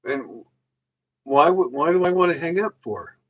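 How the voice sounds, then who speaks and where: A man's voice: on the high side, animated, unhurried, muffled recording. A man hosting a casual livestream, rambling and joking crudely while answering viewers. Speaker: livestream host.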